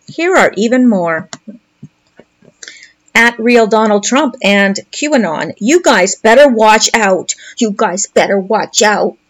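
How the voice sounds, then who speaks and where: A woman's voice: mid-range voice, lively intonation, takes it slowly. A woman commentator reading posts aloud and commenting on them in a sarcastic, mocking way.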